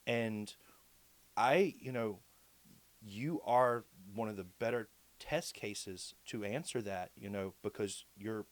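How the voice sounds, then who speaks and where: A man's voice: lowish voice, slow. A man from the clinic joining the interview, explaining things with many restarts. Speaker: clinic representative. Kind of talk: casual interview.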